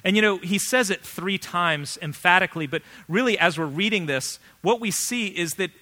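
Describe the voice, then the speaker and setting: A man in his thirties, a pastor, preaching a sermon in an earnest, conversational way with emphatic pauses. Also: sits high, bright, forceful tone.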